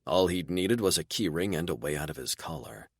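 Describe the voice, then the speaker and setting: A man narrating a fantasy romance audiobook in the first person, with steady, even storytelling. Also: very deep voice, a little fast, creaky, husky, no echo, clean studio sound.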